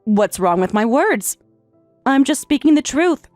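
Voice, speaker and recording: Woman voicing a middle-aged stepmother, calm, formal, detached, fairly high voice, lively tune. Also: a little slow, no echo, faint music behind. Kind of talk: story narration with voiced roles.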